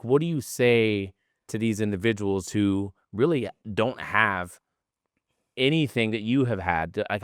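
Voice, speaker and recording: Low-voiced man hosting a podcast. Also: a bit bright, dry recording, clean studio sound. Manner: rambling, searching questions. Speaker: podcast host. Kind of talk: casual interview.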